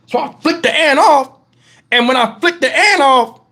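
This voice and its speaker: At an extremely high pitch and moderate pace, a middle-aged man from Texas, USA, spins a casual tale to camera as his channel's host. The delivery is animated and profane, full of rambling asides.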